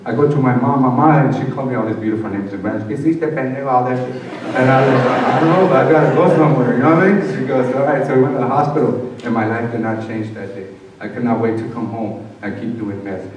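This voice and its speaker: A man's voice: medium pitch, fairly even intonation, fast. A middle-aged man tells his life story to an audience, slipping into the voices of people from his past. His voice reaches the mic from across a large hall with heavy echo, and a faint room hum sits underneath. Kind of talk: personal testimony to an audience. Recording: echoey hall, from far off.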